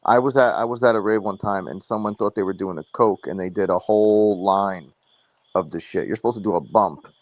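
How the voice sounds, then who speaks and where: A man chatting casually on a late-night show, explaining things in a relaxed, hesitant way. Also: lowish voice, a little fast, no room sound.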